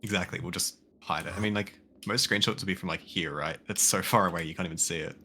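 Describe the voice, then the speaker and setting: Low, bright-toned man chatting while gaming. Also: fast talker, slight background noise. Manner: chatty, thinks aloud, swears casually. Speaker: game player. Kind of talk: casual voice chat while gaming.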